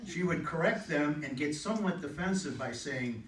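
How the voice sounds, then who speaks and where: A middle-aged man giving a eulogy for his mother, telling stories with gentle humor. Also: fairly high pitch, moderate pace, hardly any pauses, a little hiss or hum. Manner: heartfelt, gently humorous storytelling. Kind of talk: memorial eulogy. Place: funeral home chapel. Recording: echoey room, distant mic, faint ambience.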